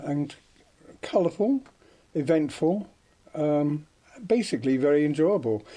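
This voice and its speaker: A man's voice: mid-range voice, warm tone. An older man from Devon, a guest reminiscing about his life, hesitant and full of ums and restarts. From Devon, England. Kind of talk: reminiscing conversation.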